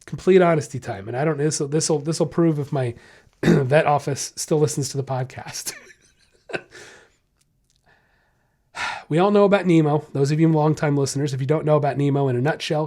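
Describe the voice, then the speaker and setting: A man's voice: mid-range voice, warm tone. A man hosting a podcast about dogs, telling a story in a blunt, frank and emphatic way. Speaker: podcast host and dog trainer. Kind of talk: casual podcast monologue.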